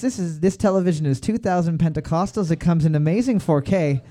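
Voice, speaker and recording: Man, trivia host, high voice, reads questions twice, crude joking asides. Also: fairly quick, dark tone. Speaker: trivia quizmaster. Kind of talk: live pub-trivia hosting with crude jokes.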